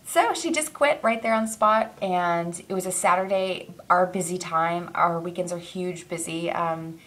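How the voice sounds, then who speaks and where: A woman's voice: lowish voice, a little slow, fairly bright tone. A young adult woman talking casually to her camera in a personal vlog, rambling and emotional, with many fillers, restarts and small laughs. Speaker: vlogger.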